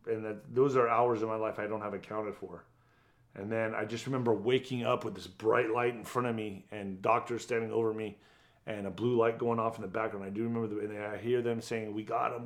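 A middle-aged man, a former boxer, telling his story bluntly and profanely in an interview, acting out what others said. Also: lowish voice. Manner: blunt, profane, vivid retelling with acted quotes.

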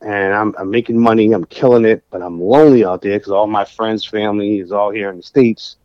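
A man's voice: lowish voice, a little fast, dry recording, lo-fi sound. A middle-aged man from Massachusetts, a music producer telling stories in a casual interview. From New Bedford, Massachusetts. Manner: animated, acts out dialogue. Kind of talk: storytelling in casual conversation.

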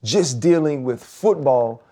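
A man's voice: medium pitch, expressive, takes it slowly, mellow. A man hosting a podcast, asking questions and chiming in casually. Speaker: podcast host. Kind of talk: casual interview chat.

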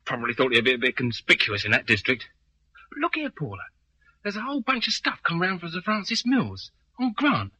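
A man's voice: fairly high pitch, wildly swooping pitch, brisk, bright, forceful tone, slightly rough, full character voice, rough recording. An actor playing an eager young male detective's assistant in a vintage radio drama.

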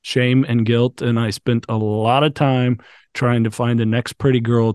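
A man's voice: mid-range voice, level tone, a little slow, a little mellow, no room sound. Male podcast host, earnest and affirming, dry close sound. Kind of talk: casual conversation.

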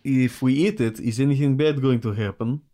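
A man playing a tabletop game, chatting in a quick, laid-back way. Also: medium pitch, mellow. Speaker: player. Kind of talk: casual tabletop play.

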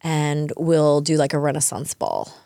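A playful, chatty middle-aged woman with a slightly low voice, trading jokes in a relaxed conversation. The recording is close and dry, with no room sound. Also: a little slow, no room sound. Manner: playful, chatty, self-deprecating. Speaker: host. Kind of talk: casual chat.

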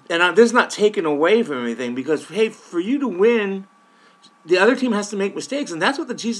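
An opinionated man hosts a sports podcast in a casual monologue, speaking straight to his listeners. His voice sits a bit high for a man, and he often restarts and repeats words as he pushes his points. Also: a bit bright. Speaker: podcast host covering a football team.

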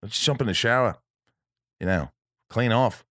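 A man's voice: medium pitch, normal speed, fairly bright tone, no room sound, clean studio sound, voice pushed up, lightly acted. A man putting on a laid-back male comedian who has just woken up, drawling and casual. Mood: easygoing. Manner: drawling, easygoing, says mate.

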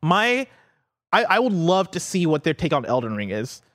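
A man co-hosting a gaming podcast, riffing on games in a loose, rambling way packed with fillers. His voice sits a bit high, and the studio mic sounds dry and close. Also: big pitch swings, moderate pace, fairly bright tone, dry recording. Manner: rambling, many fillers like "like" and "you know". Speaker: co-host. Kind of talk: casual chat.

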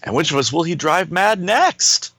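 A young shapeshifter hero laying things out in a brisk, lively, bright voice, as a man reads him. The sound is dry and close. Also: on the high side, dry recording, pitched above the performer's own voice. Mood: grim. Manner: brisk explaining tone.

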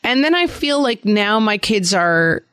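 A woman's voice: medium pitch, unhurried, smooth, no echo. Chatty woman co-hosting a parenting podcast. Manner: chatty, animated, acts out her kids' voices. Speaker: podcast co-host. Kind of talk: casual chat.

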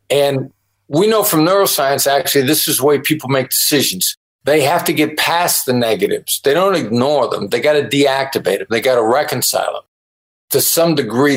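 A middle-aged man answers interview questions on a podcast. He explains firmly and emphatically, acting out sample lines of dialogue. His pitch sits in an ordinary middle range. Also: rough recording. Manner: emphatic, explanatory, acts out example phrases. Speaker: negotiation expert guest.

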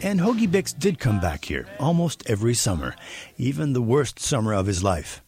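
A man reading scripted documentary narration as the reporter, in a measured storytelling way. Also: medium pitch, very animated, music in the background.

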